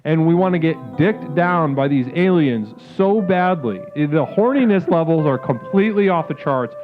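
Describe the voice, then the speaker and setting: A man's voice: a little high, expressive, moderate pace. Guy hosting a call-in show like a fake guru, grandiose, swears a lot, thin lo-fi audio, music playing. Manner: grandiose, mock-spiritual, profane. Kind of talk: mock-guru call-in talk. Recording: phone-like lo-fi sound with music.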